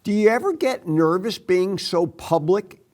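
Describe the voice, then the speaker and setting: A man hosting a podcast interview, asking measured, encouraging questions. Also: sits high, sing-song, darkish tone. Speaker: podcast host.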